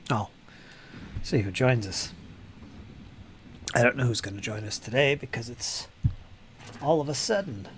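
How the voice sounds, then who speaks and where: A man chatting casually on a live hobby stream while building models, rambling and muttering to himself, with a voice he says is going hoarse. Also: mid-range voice, expressive, a little slow, pauses often, a little hiss or hum. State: losing his voice.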